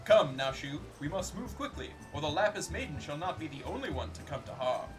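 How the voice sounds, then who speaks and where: A man voicing a pompous, theatrical gentleman inspector who speaks in grand, formal phrases, over game music. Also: fairly high pitch, big pitch swings, brisk, low-quality recording. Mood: grandiose. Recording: music playing underneath.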